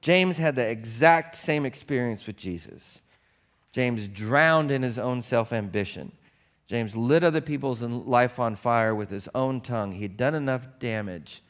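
Male pastor, casual sermon, chatty and humorous, mid-pitched voice. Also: unhurried. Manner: conversational, joking, storytelling.

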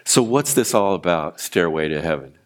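A man preaching a sermon as pastor, retelling scripture and a personal story with animated storytelling. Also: low-pitched, moderate pace. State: weeping, choked voice in retold prayer.

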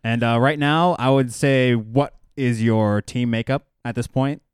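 A man's voice: mid-range voice, fairly even intonation, a little slow, clear, resonant tone, no room sound, clean studio sound. A man co-hosting a casual fantasy football chat, talking loosely with lots of fillers and restarts. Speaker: podcast co-host.

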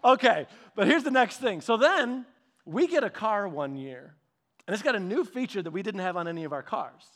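High-voiced man telling a funny story. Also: normal speed. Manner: animated, humorous storytelling with frequent laughs and restarts. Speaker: pastor. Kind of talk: storytelling sermon.

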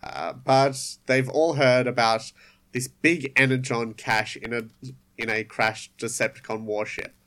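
A man's voice: mid-range voice, steady tone, a little slow, fairly bright tone. A man co-hosting a podcast, recapping a cartoon episode in a wry, rambling chat. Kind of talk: casual chat.

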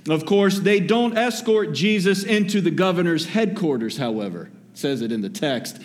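A male pastor preaching an expository sermon, moving between quiet asides and raised emphasis. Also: high-pitched, expressive, normal speed.

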